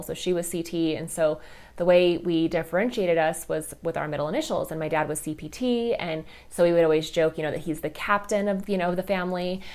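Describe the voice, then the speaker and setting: Lady podcaster talking about her own life, kinda low voice, says like and you know a lot. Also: darkish tone. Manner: chatty, many fillers like "like" and "you know"; open and emotional about grief. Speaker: podcast host. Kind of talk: personal storytelling.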